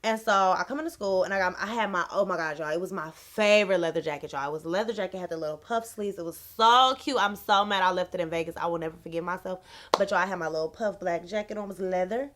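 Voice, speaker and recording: A young adult woman, telling a casual, animated, slangy storytime on her vlog. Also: on the low side, fast talker. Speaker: vlogger.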